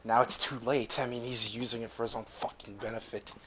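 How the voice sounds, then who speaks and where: A man voicing a stern, weary human lord in a tabletop game, speaking gravely and bluntly. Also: medium pitch, little pitch movement, brisk, fairly bright tone, slight background noise, close to an everyday voice.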